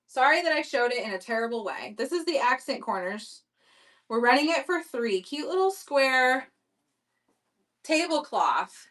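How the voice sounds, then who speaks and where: A woman's voice: fairly high pitch, sharp tone, recorded from a distance. A woman hosting a casual live-stream auction, chatting upbeat as she describes vintage items for buyers. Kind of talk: casual live-selling chat.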